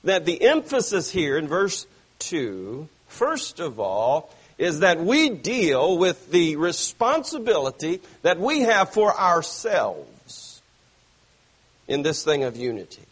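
A male pastor delivers an evening sermon at an unhurried, deliberate pace. His voice is a little husky and sits somewhat high for a man. He presses hard on key words, then lets whole phrases sink soft. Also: big pitch swings. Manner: emphatic preaching with slow stressed phrases and sudden soft drops. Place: church.

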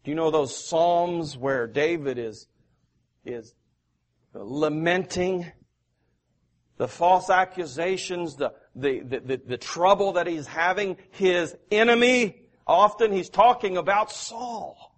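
A man's voice: high voice, slow pace. A male pastor preaching a sermon in a church, repeating key phrases for emphasis. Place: church sanctuary.

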